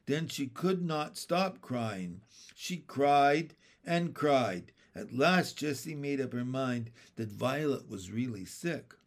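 A man narrating a children's chapter book in a steady, plain read-aloud manner. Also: medium pitch, slow pace. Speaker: audiobook reader.

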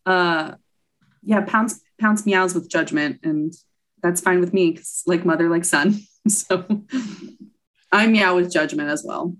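A woman in her late twenties, a podcast guest chatting casually, animated and self-mocking, laughing often. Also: lowish voice, takes it slowly, poor audio. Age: 20s. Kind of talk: casual chat.

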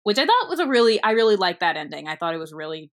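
A young woman in casual chat about a movie, retelling scenes with lively quoted lines and frequent fillers. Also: mid-range voice, racing. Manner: animated storytelling, acting out quoted lines. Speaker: movie reviewer.

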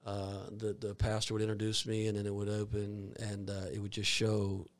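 A Southern US man with a low-pitched voice, a minister recounting his stage ministry for an interviewer. He rambles, circling back and restarting phrases as he goes. His tone stays conversational and easy. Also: completely flat delivery, moderate pace, no room sound. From Georgia, US. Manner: rambling, with many fillers and restarts. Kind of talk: storytelling in an interview.

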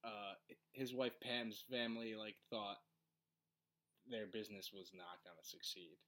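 A man co-hosting a podcast, recounting stories in a relaxed way with lots of fillers. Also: on the low side, unhurried. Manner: relaxed storytelling with frequent fillers. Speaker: podcast co-host. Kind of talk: casual conversation.

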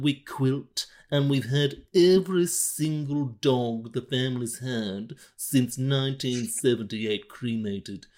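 A man putting on a pompous, slow, drawling posh rich snob, chin jutted out. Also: medium pitch, pitched above the performer's own voice, lightly acted.

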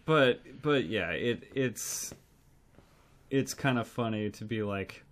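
A man's voice: fairly low pitch, lively intonation, takes it slowly, a bit bright, a little hiss or hum. A man co-hosting a casual film podcast, blunt and joking, with some swearing. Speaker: podcast co-host.

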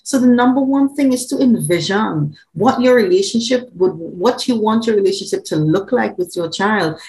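A woman, talking as a parenting coach in an animated, laughing way. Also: mid-range voice, moderate pace, low-quality recording. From Trinidad. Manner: animated, laughs often, repeats words when excited. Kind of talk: conversational interview.

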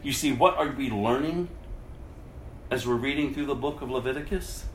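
A man's voice: medium pitch, moderate pace, a little hiss or hum. Impassioned male preacher in an echoey church. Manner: impassioned, swings from hushed to loud; addresses the congregation directly. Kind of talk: sermon. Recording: echoey room.

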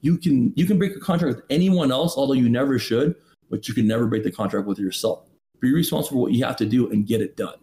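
A man's voice: medium pitch, fast talker, mellow. A man in his thirties, a podcast guest, telling a personal story with emphatic, preachy rhetorical questions. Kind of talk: candid motivational storytelling.

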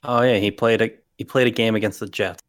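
Laid-back low-voiced young man. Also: fairly even intonation, fast, no echo. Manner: laid-back, dry, trailing off quietly. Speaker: podcast co-host. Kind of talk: casual sports chat.

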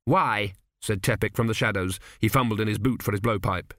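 A man narrating a comic fantasy audiobook in a measured, wry reading. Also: lowish voice, fairly even intonation, a bit bright, no echo, clean studio sound.

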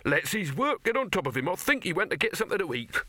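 A man's voice: high-pitched, big pitch swings, fast, pushed and bright, no echo, voice pushed up, heavily acted. A man doing a grumbling stable hand.

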